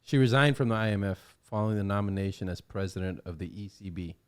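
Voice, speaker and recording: A man's voice: fairly low pitch, fast, clean tone. A man co-hosting a podcast, giving laid-back, wry short replies in casual chat. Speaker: podcast co-host.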